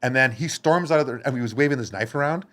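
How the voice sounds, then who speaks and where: Man, podcast guest, storytelling, swears freely, mid-pitched voice, studio podcast recording. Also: fast. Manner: animated, swearing, acts out others' lines. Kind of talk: storytelling in a casual interview.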